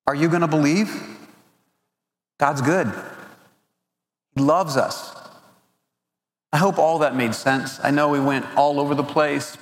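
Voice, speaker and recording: A man giving an earnest camp sermon, stumbling and repeating words as he goes. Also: mid-range voice. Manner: earnest, repeats words while searching for them. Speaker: camp speaker. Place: large hall at a family camp. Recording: roomy hall with long reverb.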